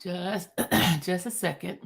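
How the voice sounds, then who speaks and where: A woman's voice: fairly low pitch, takes it slowly, vocal fry. A woman hosting a casual live stream, chatty and apologetic, with many fillers as she talks. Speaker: YouTube live streamer covering a court case.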